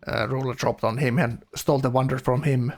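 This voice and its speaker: A man's voice: mid-range voice, fairly even intonation, a little fast, darkish tone. A man from Finland, casually commentating a strategy game, chatty and laughing often.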